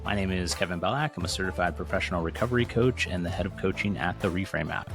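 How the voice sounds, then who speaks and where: A man's voice: deep voice, fast talker, over music. An American man hosting a podcast as a recovery coach, easygoing and jokey in casual chat. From United States.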